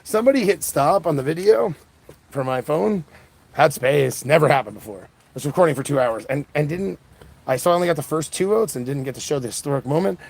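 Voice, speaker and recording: An exhausted man around forty rushes through a rambling monologue, his voice gravelly and low-edged. He jumps between thoughts, restarts sentences and piles on fillers. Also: lively intonation. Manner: fast, scattered, many restarts and fillers. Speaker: independent political livestreamer. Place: outdoor punk festival.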